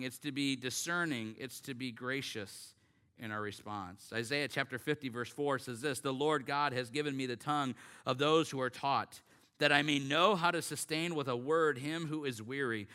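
A man preaching a sermon as a pastor, earnest and emphatic, slowing down to stress scripture. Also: medium pitch, bright, forceful tone.

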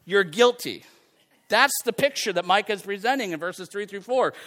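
A man's voice: high-pitched, fairly quick, pushed and bright. A man preaching a sermon on a prophet's words, talking in a conversational way and slipping into quoted voices to make his point.

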